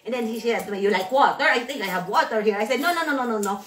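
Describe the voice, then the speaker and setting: A woman with a high, bright voice tells a long, rambling story straight to her viewers. She stumbles over and repeats her words and slips into quoting other people. She sits back from the mic, and the room is echoey. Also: lively intonation, rapid-fire, distant mic, slight background noise. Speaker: vlogger.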